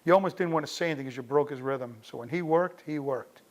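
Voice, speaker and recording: A man's voice: fairly high pitch, fast. A middle-aged man with a slightly raised voice tells stories about his father. He talks casually and anecdotally, often breaking off and restarting his sentences. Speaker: interviewee recalling his father. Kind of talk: personal storytelling.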